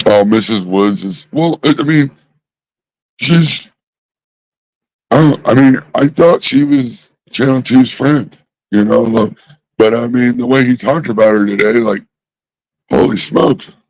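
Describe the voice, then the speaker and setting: A man's voice: mid-range voice, unhurried, pauses often, a little mellow, no room sound, rough recording. A man ranting casually in an exasperated, profane way, repeating himself. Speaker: vlogger. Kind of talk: casual rant.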